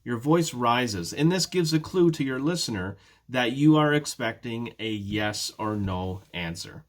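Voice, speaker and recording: A man's voice: mid-range voice, lively intonation, a little slow. A man teaching a prerecorded beginner English lesson, patiently explaining step by step with repeated example sentences and modeling question intonation. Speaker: ESL teacher.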